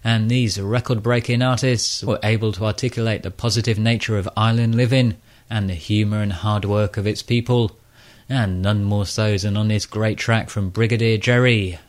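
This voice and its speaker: A man presenting a radio show, reading scripted narration in a measured, informative storytelling manner. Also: fairly low pitch.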